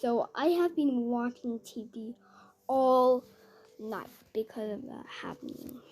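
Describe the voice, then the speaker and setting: Brief: woman, high voice, slow rambling scary-story teller. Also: darkish tone, faint music behind. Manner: rambling, lots of "I was like" quoting. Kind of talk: improvised scary story telling.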